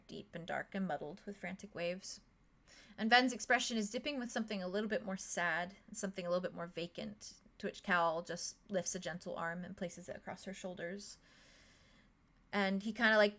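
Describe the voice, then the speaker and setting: A woman's voice: on the low side, a bit bright. A woman narrating a tabletop role-playing game as game master, in a casual, rambling way full of fillers and small chuckles. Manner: casual, many fillers, chuckles between lines.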